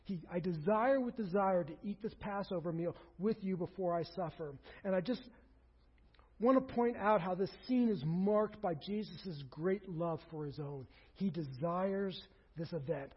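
A pastor delivers an earnest sermon in a high, slightly husky voice. He leans into quoted lines with mounting emphasis. The recording sounds muffled and lo-fi. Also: a little slow, long reverb tail. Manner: earnest, acts out quoted speech with rising emphasis.

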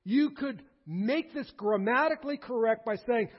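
High-voiced emphatic preacher man. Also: moderate pace, slightly rough, dull audio. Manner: emphatic preaching, repeats key phrases with rising force. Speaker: pastor. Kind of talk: sermon.

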